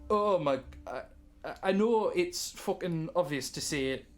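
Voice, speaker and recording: A man's voice: high-pitched, lively intonation, unhurried, faint music behind, pitched above the performer's own voice. A man doing brash, foul-mouthed Ironfoot. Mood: exasperated. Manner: loud, swearing, blunt.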